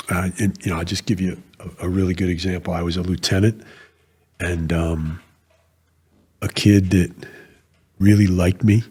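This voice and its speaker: Low husky older man telling stories. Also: a little mellow. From New England, US. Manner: rambling anecdotes with frequent restarts. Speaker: guest, retired Marine colonel. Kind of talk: casual interview storytelling.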